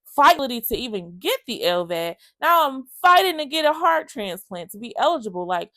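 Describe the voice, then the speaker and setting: A woman's voice: high-pitched, normal speed, no room sound. Emotional woman vlogger, chatty and direct. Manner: emotional, lively storytelling that acts out other people's lines; chatty, addresses viewers as y'all. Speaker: vlogger sharing her own story. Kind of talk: casual personal storytelling to camera.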